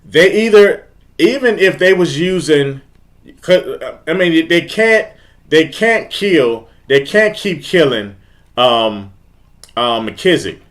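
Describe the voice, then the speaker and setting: A man's voice: fairly high pitch, lively intonation, takes it slowly, fairly bright tone. A man hosting a casual live-stream sports talk, repeating himself in frustrated, emphatic bursts. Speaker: host of a fan live stream.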